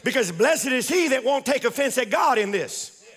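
A man's voice: very high-pitched, lively intonation, normal speed, fairly bright tone, long reverb tail. A man preaching a fervent sermon as pastor, repeating phrases and calling on the congregation to respond. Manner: fervent, repetitive, call-and-response.

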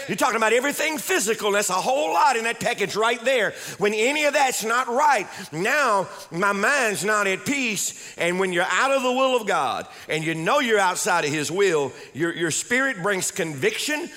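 A man's voice: sits high, big pitch swings, normal speed, sharp tone. A male pastor preaching a sermon with emphatic delivery, repeating key words and calling on the congregation to respond.

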